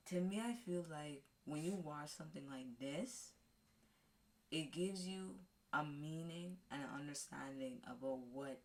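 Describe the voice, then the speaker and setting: A woman vlogger casually recapping a movie, rambling with halting restarts and fillers. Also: low voice. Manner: acts out characters' lines in a raised voice.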